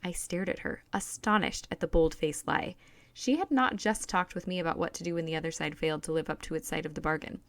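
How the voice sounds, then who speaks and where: Gravelly low-voiced woman reading a novel. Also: brisk, no echo. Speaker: audiobook reader. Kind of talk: first-person novel narration read aloud.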